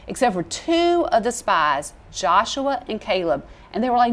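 A woman leads a relaxed Bible study, mixing scripture reading with everyday chat. She slips into voices for the people in the story. Her voice sits a touch high. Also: moderate pace, hardly any pauses. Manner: conversational, animated, acts out quoted voices. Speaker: Bible teacher. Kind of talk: casual sermon with Bible reading.

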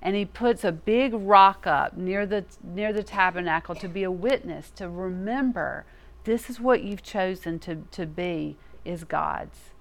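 A woman giving a casual, conversational Bible teaching in a folksy, animated way. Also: fairly low pitch, unhurried.

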